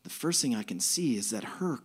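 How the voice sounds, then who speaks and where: A man telling a comic personal story live on stage, in an animated, self-mocking way. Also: medium pitch, a little fast, slightly rough. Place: stage at a music venue.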